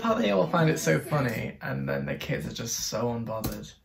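A man's voice: mid-range voice, expressive, moderate pace, creaky. A man hosting a music reaction video, chatting casually and laughing often as he exclaims at the clips.

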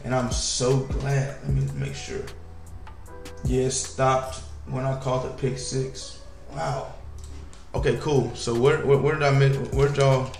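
A man casually commenting while playing a video game, slangy and animated, with sudden loud outbursts. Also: medium pitch, takes it slowly, reverberant, faint music behind. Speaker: gaming YouTuber.

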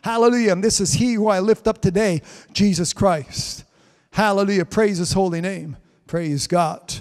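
A man's voice: high-pitched, moderate pace. A man preaching a live-streamed sermon, fervent and punctuated with amens and hallelujahs. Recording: reverberant hall sound.

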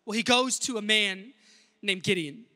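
A man's voice: high-pitched, moderate pace, sharp tone, in a large hall. A male pastor preaching an earnest sermon in a church and speaking directly to the congregation. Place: church sanctuary.

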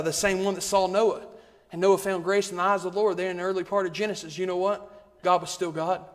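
Male preacher, high voice, rhythmic repeated refrains, long church reverb. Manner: rhythmic, repetitive preaching with rising emphasis. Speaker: guest preacher. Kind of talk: sermon. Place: church sanctuary.

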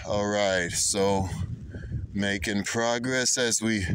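A man's voice: medium pitch, fairly even intonation, slow, a bit bright, slight background noise. A middle-aged man from Jamaica with a Jamaican-American accent, chatting casually and rambling while cycling through a park, greeting passersby. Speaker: vlogger. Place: outdoors in a park on a bicycle.

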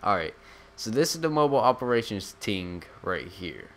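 A man's voice: on the low side, very animated, moderate pace. A young man giving casual, joking gameplay commentary as a gaming YouTuber, rambling and slangy.

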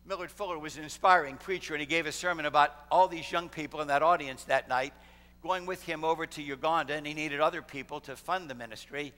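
A middle-aged male pastor preaching in a church sanctuary, his fairly high, bright, forceful voice carried by the long reverb of the room. He tells a story in a sermon and builds to a fervent close. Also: steady tone, fast talker.

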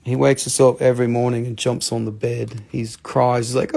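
A man's voice: mid-range voice, flat delivery, normal speed, vocal fry, mellow. A man hosting a live mineral sale in a folksy, rambling, self-joking way. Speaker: host of a live mineral sales show. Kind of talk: casual live selling chat.

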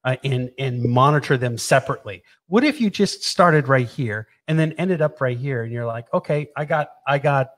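A man's voice: mid-range voice, normal speed, few pauses. Chatty man explaining a process. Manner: animated, repeats words, playful asides. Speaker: presenter explaining equipment. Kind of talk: casual technical explanation over drawings.

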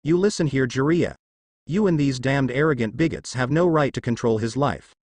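A man's voice: mid-range voice, normal speed, a little mellow, no echo, lightly acted. A man voicing a fierce, protective older woman ninja who growls and scolds. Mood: furious.

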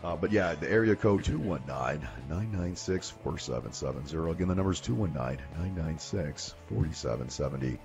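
A man's voice: very deep voice, animated, fairly quick, gravelly, hardly any pauses, a little mellow, faint music behind. A man hosting a casual veterans' radio roundtable, laid-back and a little stumbling as he hands over to each guest. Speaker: host.

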